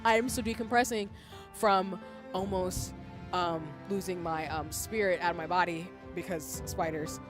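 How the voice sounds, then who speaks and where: A woman live streamer chatting casually and warmly with her viewers, rambling with fillers. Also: on the low side, steady tone, normal speed, over music.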